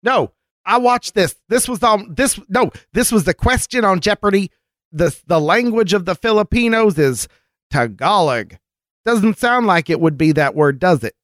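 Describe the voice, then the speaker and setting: A man's voice: sits high, expressive, moderate pace, fairly bright tone, dry recording, studio quality. A man playing a folksy, dotty woman co-hosting a candy show, rambling in a sing-song way. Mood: chatty. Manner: sing-songy, rambling, whimsical. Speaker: co-host. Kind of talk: comedic character banter.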